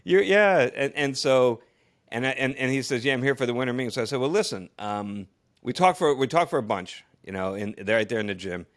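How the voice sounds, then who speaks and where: Guy telling a story on a podcast, pitch jumps all over, lots of restarts and laughs. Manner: animated storyteller who acts out quotes, laughs often; halting, with many restarts and fillers. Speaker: podcast co-host, former astronaut. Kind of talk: casual storytelling chat.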